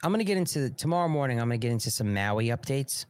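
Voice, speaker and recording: A man with a strong Long Island New York accent hosts a live political commentary show. He talks bluntly and heatedly, rambling and restarting his sentences. His voice sits at an ordinary pitch and sounds dry and close. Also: animated, very fast, clear, resonant tone, no room sound.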